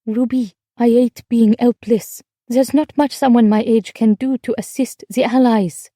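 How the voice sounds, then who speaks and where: A woman's voice: fairly even intonation, unhurried, dark tone, dry recording, clean studio sound. Woman reading an earnest teenage girl. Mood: pleading. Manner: pleading, eager, slightly higher and lighter than the narration. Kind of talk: audiobook character voice.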